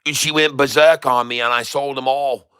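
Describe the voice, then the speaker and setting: A man voicing a rowdy male Australian bloke with an Australian accent, talking loud, excited and slangy. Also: medium pitch, normal speed, clean tone, lightly acted.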